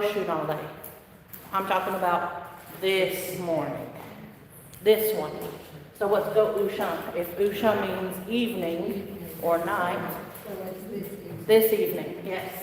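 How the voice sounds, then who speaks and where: A woman teaches a live language class at an unhurried pace, saying each word slowly and repeating it for drilling. She sounds far from the mic in a roomy, echoing space with a steady hiss of background noise. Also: mid-range voice. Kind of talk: live online language lesson. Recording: echoey distant room with noise.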